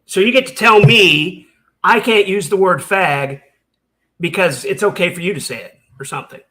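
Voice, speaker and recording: A high-pitched man delivers angry reaction commentary. He is sarcastic and heated, swearing often as he rants. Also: normal speed, sharp tone. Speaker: commentary channel host.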